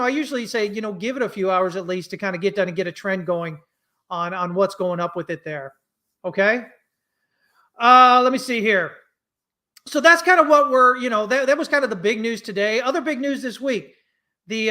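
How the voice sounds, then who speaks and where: In a very high, pushed, bright voice, an American man from the United States rants bluntly through casual trading commentary. He's loose and conversational, quick to anger, and full of fillers and restarts.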